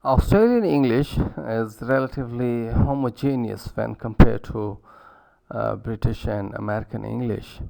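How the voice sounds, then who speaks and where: A man giving a recorded lecture, halting with many fillers and self-corrections, repeating words aloud to show how they are pronounced. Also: medium pitch, creaky, mellow. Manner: repeats words to demonstrate pronunciations. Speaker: university lecturer.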